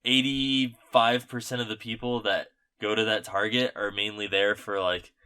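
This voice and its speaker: A man's voice: on the low side, flat delivery, normal speed, sharp tone, smooth. A young man chatting on a podcast, telling stories in a rambling way with lots of fillers and casual swearing. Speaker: podcast host. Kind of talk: casual chat.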